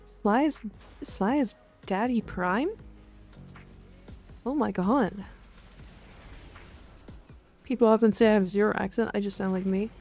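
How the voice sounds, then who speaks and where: A woman's voice: medium pitch, moderate pace, long pauses, darkish tone, faint music behind. A woman from Canada streaming live, chatting casually and frankly with her chat, with some swearing and jokes. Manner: frank, profane, joking. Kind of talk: casual chat reading and answering chat.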